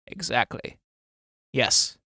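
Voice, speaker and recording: A man playing a scheming old man on crutches, speaking in a low, menacing and commanding way. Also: slow pace, bright, forceful tone, dry recording, studio quality. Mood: cold.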